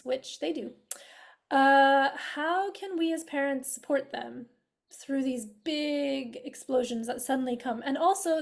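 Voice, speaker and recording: A woman's voice: sits high, creaky. A woman hosting a casual interview, asking questions and attentively affirming her guest. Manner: attentive, frequent backchannel affirmations. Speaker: podcast host.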